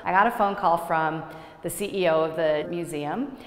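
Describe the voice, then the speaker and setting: A woman's voice: lowish voice, moderate pace. A woman, a mayor hosting a city TV show, talking to viewers in a casual, upbeat way with everyday fillers. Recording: echoey room with long reverb.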